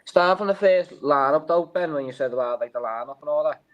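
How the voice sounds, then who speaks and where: Sweary scouse football fan ranting. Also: male voice, a little high, fairly quick, highs cut off. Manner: sweary, rambling, says "lad" a lot. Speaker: fan show co-host. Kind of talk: casual football chat.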